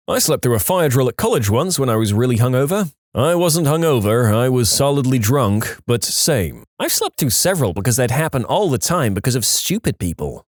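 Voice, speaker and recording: A man reading online stories aloud as the narrator, lively and animated. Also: mid-range voice, normal speed, no room sound, studio quality. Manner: animated reading, acting out quoted lines in raised voices. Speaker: story narrator.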